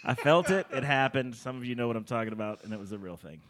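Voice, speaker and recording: A man's voice: mid-range voice, expressive, a crowd in the background. Jokey man hosting a comedy podcast. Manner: jokey, self-deprecating, quick asides. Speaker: podcast host. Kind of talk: casual comedy podcast chat. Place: radio studio.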